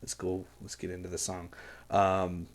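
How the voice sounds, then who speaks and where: A man's voice: sits low, completely flat delivery, normal speed. A man hosting a music reaction video, talking in an earnest, rambling way with many fillers and restarts. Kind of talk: casual reaction commentary.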